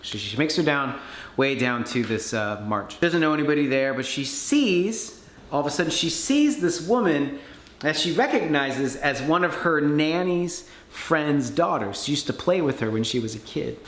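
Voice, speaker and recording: A man speaking at a conference, telling a story in an animated way and acting out the people he quotes. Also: a little high, normal speed. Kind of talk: storytelling talk. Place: conference hall. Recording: echoey room with faint background noise.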